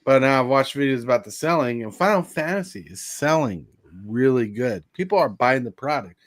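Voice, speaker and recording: A man's voice: mid-range voice, lively intonation, fairly quick. A man hosting a casual chat show, rambling with lots of fillers and frequent laughter. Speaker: podcast host.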